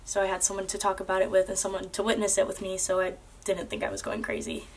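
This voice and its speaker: A woman's voice: medium pitch, animated, fast talker, husky. A young woman earnestly telling a personal story to camera, casual and full of "like" and "um". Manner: earnest, with many fillers like "like" and "um".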